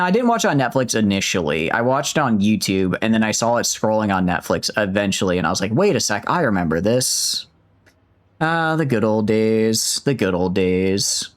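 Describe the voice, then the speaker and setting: Brief: young male streamer, lively pitch, rambling and self-deprecating. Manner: rambling, self-mocking, chatting with viewers. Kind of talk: casual gaming stream chat.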